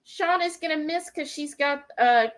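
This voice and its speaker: A woman hosts a casual live cooking stream from her home kitchen, chatting away and reading viewers' comments aloud to answer them. Her voice is high and a little slow, with a slight hiss or hum on the recording.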